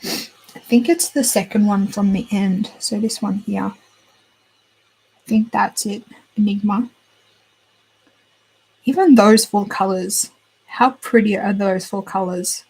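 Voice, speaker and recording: A woman's voice: mid-range voice, steady tone, slow pace, long pauses, a little mellow, slightly rough, rough recording. A young woman hosting a beauty channel, chatting casually and gushing over new makeup as she browses and thinks aloud. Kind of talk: casual chat.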